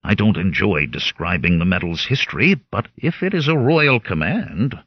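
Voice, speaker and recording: A man putting on a blustering fake nobleman with a thick, heavy foreign accent, growling his words. The husky voice swings widely in pitch, recorded dry and slightly muffled. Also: big pitch swings, moderate pace, no echo, exaggerated voice. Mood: boastful.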